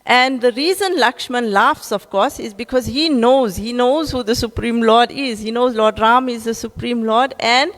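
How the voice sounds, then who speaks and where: A South African woman recounts a scripture story for a devotional class at an unhurried pace. She keeps asking "right?" to check in with her listeners. Her voice carries a long reverb from a large temple hall. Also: on the high side, fairly bright tone.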